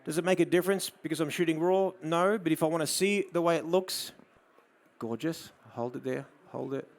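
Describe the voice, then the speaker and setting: A man with an Australian accent giving a live photography demo, explaining his camera settings and coaxing a model with soft murmured praise. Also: a little high, moderate pace. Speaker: photography presenter. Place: studio demo before an audience.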